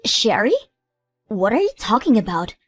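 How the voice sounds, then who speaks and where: A woman voicing a calm, patient young bride-to-be. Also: medium pitch, moderate pace, no room sound, soft background music. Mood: pleading. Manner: soothing, reasonable. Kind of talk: animated story voice acting.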